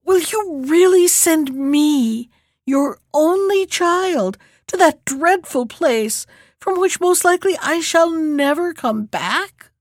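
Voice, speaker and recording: A frightened young princess, sobbing and pleading in a high, slow voice, as a woman reading puts her on. The sound is dry and close. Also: lively intonation, no room sound. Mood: tearful plea.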